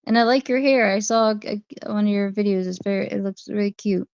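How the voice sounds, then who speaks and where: Gravelly-voiced woman chatting on a livestream. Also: medium pitch, fairly quick, darkish tone, no echo. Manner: chatty, answering viewers' chat comments one by one. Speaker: livestream host. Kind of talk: casual livestream chat. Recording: dry, dull lo-fi stream audio.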